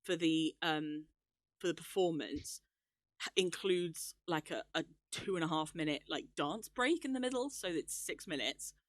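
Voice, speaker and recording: A woman's voice: sits low, normal speed, no echo, clean studio sound. A young woman co-hosting a casual podcast, chatty and enthusiastic, laughing often. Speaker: podcast co-host. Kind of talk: casual chat.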